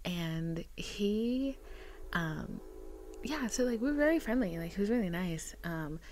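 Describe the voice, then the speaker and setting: A woman's voice: mid-range voice, expressive, a little slow, darkish tone, slight background noise. A young woman talking casually to her camera, rambling and chatty, calling her viewers "girl". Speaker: vlogger. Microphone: camera mic.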